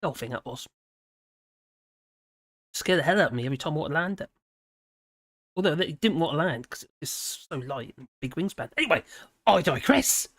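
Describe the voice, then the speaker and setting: A woman's voice: sits low, very animated, a little fast, pauses often, breathy edge, dry recording, studio quality. A British woman hosting a live stream, talking casually and wandering off topic, mixing scripted commentary with chatty asides. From United Kingdom. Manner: digressive and chatty, laughs often, reads chat messages aloud. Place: room at home with a model airplane hanging behind.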